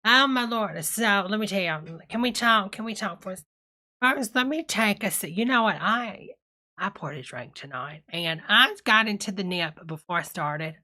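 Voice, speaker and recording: A woman's voice: mid-range voice, lively intonation, normal speed, sharp tone. A woman doing a tipsy church lady host. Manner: gushing, calls everyone honey, drawling asides. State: tipsy from a cocktail. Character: gushing Southern church-lady streamer, middle-aged. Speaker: livestream host reading chat. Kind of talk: live reaction stream chatter.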